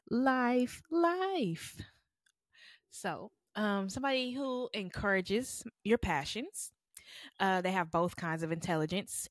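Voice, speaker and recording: Young woman podcast co-host, frank, joking, slangy; lower pitch, dry recording. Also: no room sound. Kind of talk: casual podcast chat.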